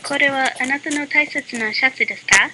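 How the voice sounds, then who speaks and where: Deadpan woman reading a mock lesson. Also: sits high, racing. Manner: deadpan, flat-voiced delivery. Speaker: lesson narrator. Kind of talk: mock language lesson reading with joke asides. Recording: loud constant background hiss.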